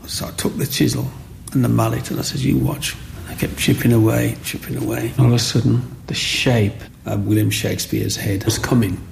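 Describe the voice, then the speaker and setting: Gravelly man telling his story. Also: medium pitch, fairly even intonation, brisk, slight background noise. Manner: earnest, repeats words, acts out quotes. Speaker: guest. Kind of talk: storytelling in an interview.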